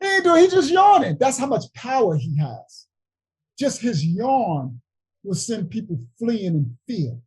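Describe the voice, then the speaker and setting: A man with leading a livestream Bible study, preaching in an animated, emphatic way straight to his viewers. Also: sits high, unhurried, breathy edge, rough recording.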